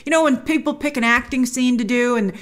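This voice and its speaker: A woman giving a casual film review to camera, chatty and animated, acting out her own reactions. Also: on the high side, brisk.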